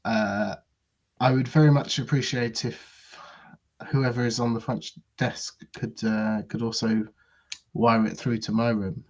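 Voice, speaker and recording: A schmoozing French hotel guest in a thick put-on French accent, as a man plays him in a tabletop game, halting and overly polite. His voice sits mid-range and comes through slightly dull, lo-fi audio. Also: mid-range voice, fairly even intonation, a little mellow, lightly acted. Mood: confiding.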